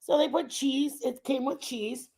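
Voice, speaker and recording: A woman streaming a casual chat, telling a rambling travel story in an animated way and laughing often. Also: sits high, a little slow. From Texas. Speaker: stream host.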